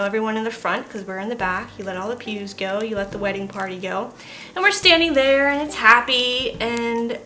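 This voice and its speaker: A woman's voice: on the high side, sharp tone, echoey room. A young adult woman telling a rambling story in a casual chat while making soap at home, with many restarts. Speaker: soap maker channel host.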